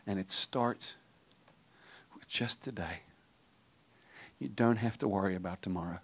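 Lowish-voiced pastor preaching conversationally. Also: male voice, a little slow. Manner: conversational, jokey asides, drops to hushed intensity. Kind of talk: sermon.

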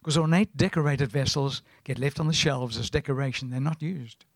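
A man in his seventies with a South African accent, preaching as a guest in a rambling, anecdotal way and often clearing his throat. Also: medium pitch, a little fast, no echo. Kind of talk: sermon.

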